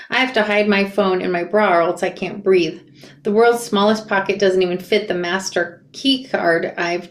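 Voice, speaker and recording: A woman's voice: mid-range voice, reverberant. A woman from Portland, Oregon reading a memoir aloud and breaking off into casual, chatty reactions. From Portland, Oregon, USA. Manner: casual, animated, chatty asides. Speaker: book reader and commentator.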